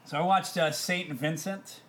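A man's voice: on the high side, fairly even intonation, measured pace, fairly bright tone. A man, a podcast guest in casual chat, giving a blunt, opinionated movie review.

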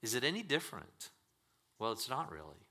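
Animated, emphatic man preaching a sermon. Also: mid-range voice, a little fast, vocal fry, breathy edge. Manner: emphatic preaching, swings between loud and hushed. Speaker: pastor.

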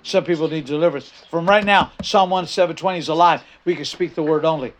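A man's voice: on the high side, fast talker. An older man preaching a sermon as a pastor, emphatic, repeating his key phrases and often restarting his sentences. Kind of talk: sermon with personal story.

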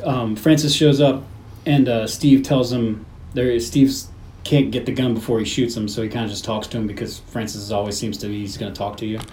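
A man's voice: medium pitch, fairly quick, a little hiss or hum, poor audio. A man co-hosting a podcast, casually recapping a film and acting out its lines with lots of swearing. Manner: animated retelling, acting out movie lines. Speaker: podcast host. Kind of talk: casual movie recap chat.

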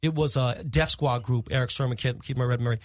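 Brief: middle-aged male guest, rapid and lively, swears freely, dry close-mic sound. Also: mid-range voice, no room sound. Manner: animated, profane, acts out quoted dialogue. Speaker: podcast guest. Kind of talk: casual storytelling.

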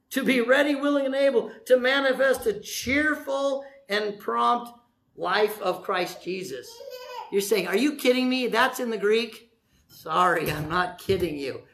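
A man preaching a lively, joking sermon, acting out short quotes as he goes. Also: high-pitched, echoey room. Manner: animated, jokey preaching with acted-out voices. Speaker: pastor.

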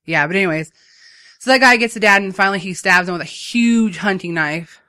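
Fast bright speaker recapping a movie. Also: medium pitch, no room sound, clean studio sound. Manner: rambling, animated retelling full of fillers. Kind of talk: casual chat.

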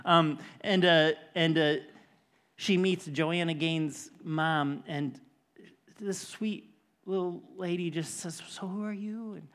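A man's voice: fairly high pitch, steady tone, slow pace, fairly bright tone. Middle-aged pastor guy, earnest, storytelling sermon that gets emphatic.

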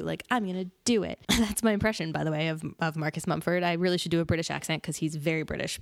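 A woman's voice: deep voice, dry recording, studio quality. A young woman hosting a solo podcast, chatting casually about songs with lots of "like" fillers and bits of humming along. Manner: chatty, frequent "like" fillers, sings snippets. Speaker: podcast host. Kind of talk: solo casual music talk.

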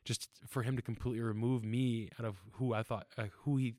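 A man's voice: mid-range voice, level tone, a little fast, darkish tone, no room sound, studio quality. A young man talking casually on a podcast, earnest and rambling, laughing often and with fillers. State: tearful. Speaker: podcast guest.

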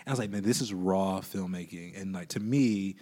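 A man with a very deep voice chats as a podcast guest. He rambles easily, full of "like" and "um." His tone stays casual and unhurried. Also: dark tone. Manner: laid-back, rambling with many fillers. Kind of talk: casual interview chat.

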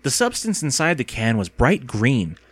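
A man narrating an audiobook with expressive storytelling. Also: mid-range voice, normal speed, slightly rough, dry recording.

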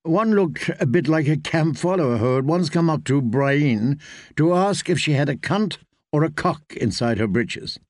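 A man narrating an audiobook in a measured, steady reading voice. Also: a little high, no echo, studio quality.

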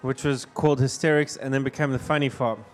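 A man with a South African accent, a comedian chatting casually on a podcast with a dry, deadpan humour. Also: mid-range voice, brisk, soft background music. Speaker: comedian guest.

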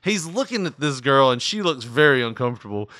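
A man's voice: mid-range voice, brisk, dry recording, studio quality. A man hosting a casual podcast chat, telling stories with lots of laughter. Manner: laughs often, animated storytelling. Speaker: podcast host.

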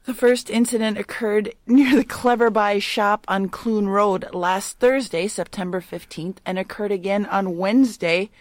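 A woman's voice: medium pitch, a little slow, hardly any pauses, dry recording. A woman co-hosting a podcast, reading strange news stories aloud with playful banter. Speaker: podcast co-host.

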